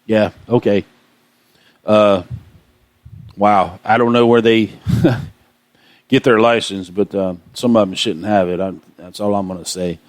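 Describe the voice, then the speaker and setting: A man's voice: lowish voice, fairly even intonation, takes it slowly, long pauses, dry recording. Impassioned man ranting on radio. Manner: impassioned, aggravated, repetitive. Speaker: radio show host. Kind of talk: ranting monologue.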